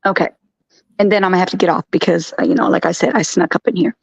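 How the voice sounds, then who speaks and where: A woman with a gravelly, fried edge to her voice co-hosts a casual live stream and tells stories with animation. Her pitch sits in the middle range. The sound is dull and dry, like a lo-fi stream feed. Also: fast talker, dry recording. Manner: animated storyteller, acts out quotes. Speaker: co-host.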